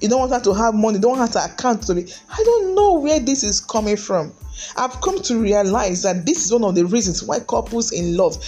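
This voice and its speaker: Very animated and a little fast, this middle-aged lawyer's fairly high voice has a dark tone, with faint music in the background. Her motivational talk on marriage is preachy, earnest and emphatic, full of repeated words and frequent "hey"s.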